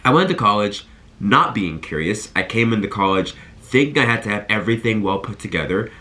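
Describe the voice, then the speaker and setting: A man in his twenties talking to camera, giving earnest and animated college advice and telling stories straight to his viewers. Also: on the low side, a little fast. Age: 20s. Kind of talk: energetic talk to camera.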